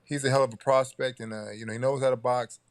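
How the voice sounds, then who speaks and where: A man's voice: medium pitch, steady tone, quick pace. An older man, a boxing coach, talking casually on a talk show, rambling and repeating words as he goes.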